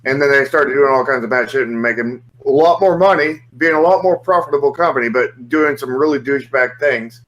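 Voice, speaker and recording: A man's voice: medium pitch, a little fast, hardly any pauses, a bit bright, poor audio. A man in casual podcast chat, opinionated and explaining his view at length with many "you know"s.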